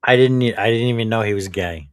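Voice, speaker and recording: A man's voice: lowish voice, fast, slight background noise. A man hosting a casual live stream chat, bantering and laughing, with many restarts. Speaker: host.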